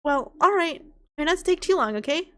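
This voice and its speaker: A woman voicing a cheerful teenage schoolgirl who leads a school club, bright and friendly. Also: very high-pitched, lively intonation, a little fast, voice pushed up. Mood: coaxing.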